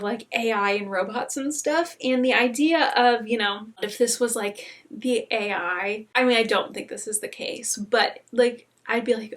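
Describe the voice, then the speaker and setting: A woman hosting a video, reacting earnestly to a viewer's story and sometimes dropping into a breathy whisper. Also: medium pitch, fairly even intonation, a little slow, fairly bright tone. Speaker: host reacting to viewer stories. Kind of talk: casual commentary.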